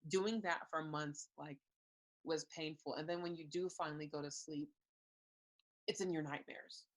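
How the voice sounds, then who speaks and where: A woman's voice: low voice, steady tone, normal speed, low-quality recording. A young woman, a guest on an interview show, giving a frank and earnest personal testimony and laughing lightly between thoughts. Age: young adult.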